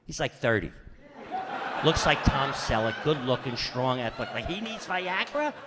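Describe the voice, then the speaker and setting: A man's voice: medium pitch, big pitch swings, normal speed, crowd noise. Brash middle-aged man doing stand-up in a hall. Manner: brash, punchy joke delivery with mock-exasperated asides. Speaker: stand-up comedian. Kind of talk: stand-up comedy routine.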